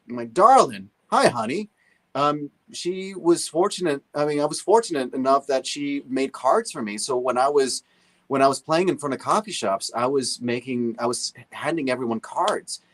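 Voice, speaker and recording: A man's voice: mid-range voice, moderate pace. A man guesting on a talk show, casually telling stories and acting out other people's voices. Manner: animated, acts out the voices of others. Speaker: guest musician. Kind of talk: casual storytelling.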